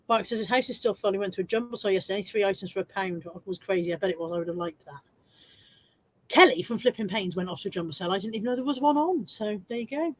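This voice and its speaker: A woman's voice: medium pitch, rough recording. A woman chatting casually on her regular live stream, laughing often and joking at her own expense.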